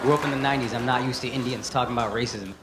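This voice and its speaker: On a club stage, a man in his thirties performs a brash, profane stand-up set with punchy delivery. His mid-range voice races along with fairly even intonation. The live recording is roomy, with crowd noise and loud audience laughter.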